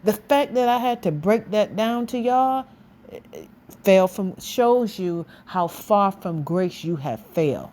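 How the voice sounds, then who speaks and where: Heated woman ranting, mellow voice. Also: mid-range voice, lively intonation, a little slow, slight background noise. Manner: blunt, heated, profane, repeats insults. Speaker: vlogger. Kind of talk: angry direct-to-camera rant.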